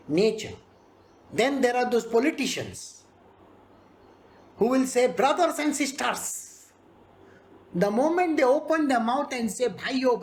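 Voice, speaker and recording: A spiritual teacher gives an animated scripture discourse, acting out characters and laughing often. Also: mid-range voice, slight background noise.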